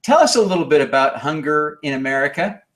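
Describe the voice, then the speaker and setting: A polite man asking interview questions in an encouraging way. His voice sits a bit high and rises and falls in a lively manner. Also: quick pace.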